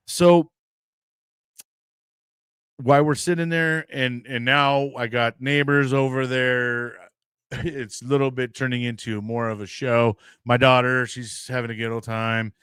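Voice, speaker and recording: A young American podcast host wanders through a casual story in an animated way, performing what other people said along the way. He speaks a little slowly at medium pitch, and his smooth voice is captured at studio quality with no echo.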